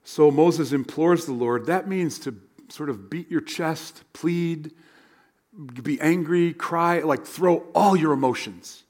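A man preaching a sermon as a pastor, animated and conversational, sometimes dropping to a hush. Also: fairly high pitch, slow pace.

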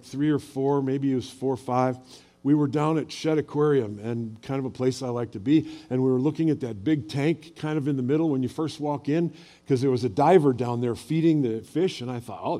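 A man's voice: on the high side, warm tone. An older man preaching a sermon as a pastor, telling personal stories in a conversational way and asking the audience questions.

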